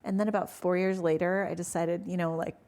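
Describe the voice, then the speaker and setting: A woman in her forties, her voice sitting a little low, tells her own story in a relaxed podcast conversation. She is animated and acts out the people she quotes as she goes. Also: a little fast. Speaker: guest. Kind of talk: casual storytelling in a podcast interview.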